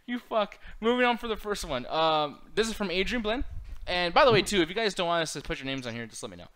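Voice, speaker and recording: A man's voice: high-pitched, expressive, fast talker, a bit bright. A man hosting a casual podcast chat, laughing often and swearing casually. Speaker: host.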